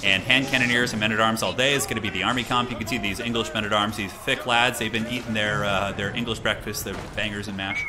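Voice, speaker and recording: A man giving casual, excitable live commentary on a strategy game tournament, chatting with his stream viewers as he goes. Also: lowish voice, fast talker, hardly any pauses, over music. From United States. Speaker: tournament caster.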